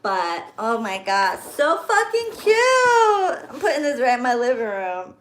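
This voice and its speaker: This is a woman with a voice on the high side, speaking at a moderate pace on a low-quality recording. A spiritual reader for clients, she unboxes gifts for her vlog to the sound of crinkling packaging, chatty and gushing, with excited squeals.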